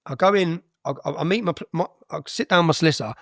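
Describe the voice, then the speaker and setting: A man's voice: a little high, fast talker, gravelly, a bit bright, dry recording, clean studio sound. A man, a guest on an interview podcast, telling his story bluntly and with energy, with frequent "yeah?" tags and some swearing.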